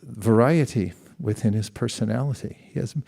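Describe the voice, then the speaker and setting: A man's voice: mid-range voice, moderate pace, gravelly, dark tone. A middle-aged man giving a conversational sermon, asking the audience questions and acting out quoted exchanges. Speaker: spiritual teacher.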